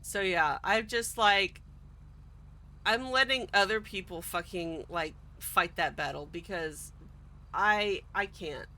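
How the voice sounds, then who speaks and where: A woman's voice: mid-range voice, slow, bright, forceful tone. A woman streamer chatting casually while she plays, exasperated and ranting, swearing often. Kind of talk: casual roleplay stream chat.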